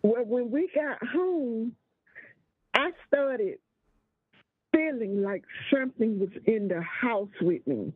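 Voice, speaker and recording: A woman phones in to share a personal ghost story, her voice husky and a little breathy. She takes her time, drawing out key words for emphasis. The line is narrow and tinny, with a dry, close sound. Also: a little high, lively intonation, no echo. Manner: slow, deliberate storytelling with drawn-out emphasis. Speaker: caller. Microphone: phone call.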